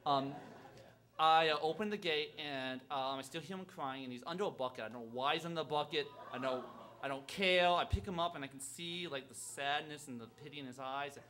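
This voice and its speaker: Guy telling a story live on stage, bright forceful voice, lots of ums and restarts, kinda self-deprecating. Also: fairly high pitch. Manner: halting and self-deprecating, many fillers and restarts.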